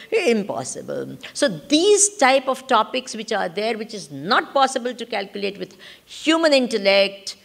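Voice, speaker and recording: An Indian-accented woman teaches Vedanta, her pitch rising and falling in wide arcs as she questions her listeners. Her voice sits a little high. She switches between English and Hindi and laughs through her examples. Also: vocal fry. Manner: animated, laughs while explaining. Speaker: spiritual teacher. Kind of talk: Vedanta discourse.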